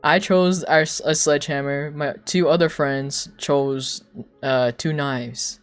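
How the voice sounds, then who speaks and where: A young adult livestreamer telling a long story to chat in a loose, casual way, full of "like", swearing and laughter, with quoted people acted out in sudden jumps of pitch. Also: steady tone, slow, clean tone, soft background music. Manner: rambling, heavy use of "like", swears, laughs between lines.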